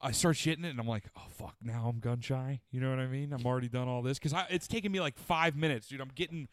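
A man's voice: mid-range voice, rapid-fire, clean tone. A young man telling a long story in casual podcast chat, rambling and profane, often laughing and acting out voices. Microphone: studio podcast mic.

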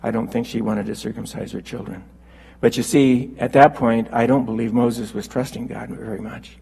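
Husky preacher man in a reverberant hall. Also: medium pitch, steady tone, mellow. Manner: unhurried, halting with fillers, rising when quoting scripture. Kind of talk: sermon.

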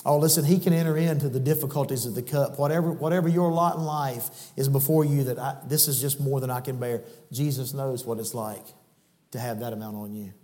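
A man's voice: fairly even intonation, fairly quick. Male preacher, folksy storyteller who climbs to fervent peaks, church hall reverb, mid-range voice. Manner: folksy storytelling that swells to loud, high-pitched preaching. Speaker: guest preacher. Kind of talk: sermon. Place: church sanctuary.

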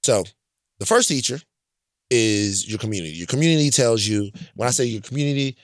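A man from Louisiana tells stories in a loose, emphatic way, swearing bluntly and circling back to his point. His voice sits at a middling pitch and sounds dry and close to the mic. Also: animated, brisk, dry recording. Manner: emphatic, repeats points, checks in with "right?"; profane and blunt. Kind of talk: casual storytelling chat.

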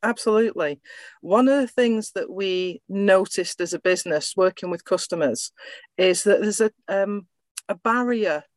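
A woman with an English accent speaks as a guest in a casual interview, friendly and clear as she explains her work. Her pitch sits mid-range. The sound is dry and close. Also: normal speed, no room sound. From England. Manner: friendly, conversational, explains plainly. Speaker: IT business owner, guest.

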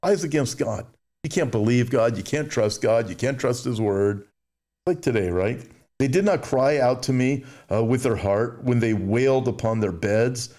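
Male preacher, emphatic, mid-pitched, prone to mocking asides and restarts; sermon with scripture reading. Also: normal speed, warm tone. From United States. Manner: mimics complainers in a whiny high voice. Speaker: show host.

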